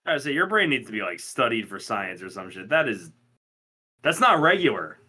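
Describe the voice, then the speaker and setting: A man co-hosting a casual podcast, reacting with loud, incredulous, teasing questions. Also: medium pitch, very animated, normal speed. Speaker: podcast co-host. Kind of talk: casual chat.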